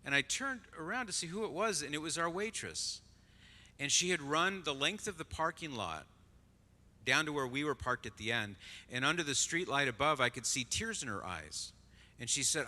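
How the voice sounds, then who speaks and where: A man's voice: on the high side, animated, normal speed, sharp tone. A middle-aged man, a Catholic speaker, tells a personal story with animation and acts out the other people's lines. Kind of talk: storytelling talk. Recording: long hall reverb.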